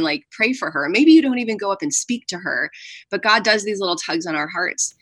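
An earnest woman author in her thirties, speaking in a crisp, bright tone that sits a little low. She talks with animation, peppering her points with "like" and "right". The sound is close and dry, with no room around it. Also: dry recording. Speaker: author and guest. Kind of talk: conversational interview.

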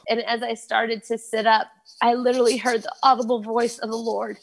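A woman's voice: on the high side, level tone, a little fast, vocal fry. A woman earnestly telling her personal faith story, laughing here and there and using fillers like "you know, like". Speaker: guest telling her testimony.

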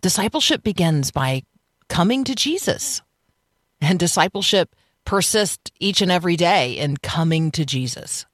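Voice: medium pitch, moderate pace, a bit bright, no room sound. Earnest radio devotional host, dry studio sound. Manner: earnest preaching with rhetorical questions.

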